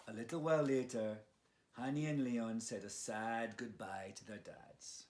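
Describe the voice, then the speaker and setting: A man's voice: on the low side, a little slow, darkish tone. A man reading his own picture book aloud to children, playful and engaging, with some whispered asides.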